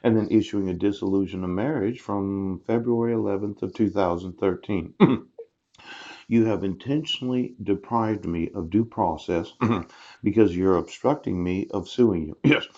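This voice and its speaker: A man's voice: on the low side, moderate pace, darkish tone. A man from the United States in a rambling monologue aimed at officials, breaking his phrases with short laughs and a repeated "yes.". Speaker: self-recorded speaker addressing officials. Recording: dull lo-fi sound.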